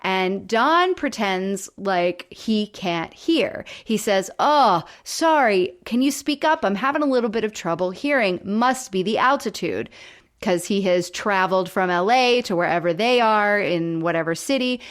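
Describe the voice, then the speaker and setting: Animated woman acting out a sitcom plot. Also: mid-range voice, a little slow. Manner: animated storytelling, acts out the characters' lines, laughs often. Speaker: podcast co-host. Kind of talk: casual chat recapping a sitcom episode.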